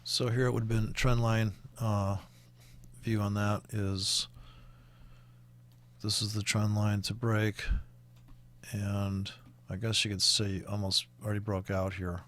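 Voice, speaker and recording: Man, Canadian accent, fairly low voice, halting and rambling, screen-share chart talk. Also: little pitch movement, fairly bright tone. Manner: rambling, halting, with frequent fillers and restarts. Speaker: forex trading commentator.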